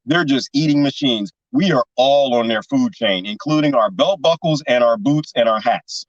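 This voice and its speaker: A man living in Texas hosts a livestream, chatting in a rambling, conspiratorial way and laughing often as he reads viewer comments. His mid-range voice, at normal speed, is recorded with no room sound on a distant mic and sounds muffled.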